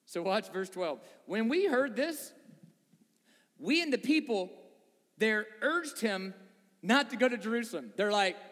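Male preacher, high voice, lively and jokey, long hall reverb. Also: moderate pace. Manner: animated, joking asides and acted-out voices. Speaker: pastor. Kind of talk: sermon.

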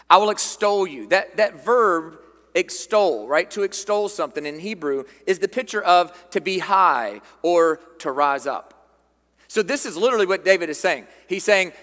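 Male pastor, emphatic sermon delivery with repetition, bright edge, long reverb from the sanctuary. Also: high-pitched, expressive, normal speed. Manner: emphatic preaching, repeats key phrases, reads scripture aloud.

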